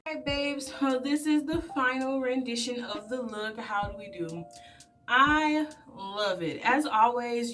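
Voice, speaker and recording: A bubbly, animated woman recaps a film in a casual vlog while doing face paint, her voice sitting a bit high. She slips into playful voices for the characters. She sounds a little distant from the mic. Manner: animated, chatty, acts out characters in funny voices. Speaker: beauty and movie review vlogger.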